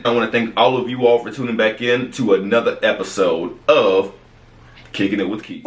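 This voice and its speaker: A young man with a Southern US accent hosting a podcast, joking loudly in slangy casual chat. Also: lowish voice, steady tone, moderate pace, slightly rough. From American South. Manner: loud, joking, slangy storytelling. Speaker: podcast host.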